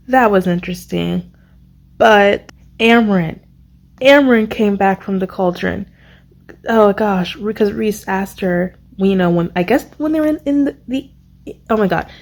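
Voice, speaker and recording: A young woman vlogging about a book she just read, rambling and excitable, stopping to search for words. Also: mid-range voice, unhurried. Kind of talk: casual reading vlog recap.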